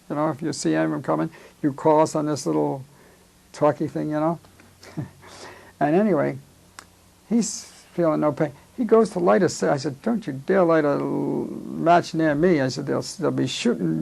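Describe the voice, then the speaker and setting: A man's voice: a little high, vocal fry, a little mellow, low-quality recording. A man in his nineties, a war veteran, telling a rambling oral history and acting out the dialogue he remembers. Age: 90s. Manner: rambling, acts out quoted dialogue.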